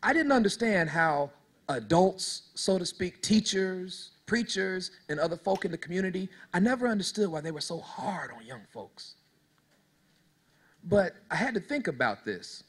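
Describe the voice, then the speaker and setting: Man, 30s, motivational speaker for youth: call-and-response, folksy storyteller, slightly high voice. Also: lively intonation, normal speed, a bit bright, husky. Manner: preachy call-and-response, talks straight to the audience. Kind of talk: motivational speech.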